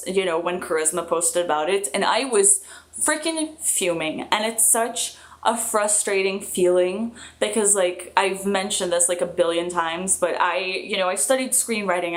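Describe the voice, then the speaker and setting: With a voice on the lower side, a young woman chats casually during a live stream. She reads viewers' comments excitedly, using filler words and laughing quickly.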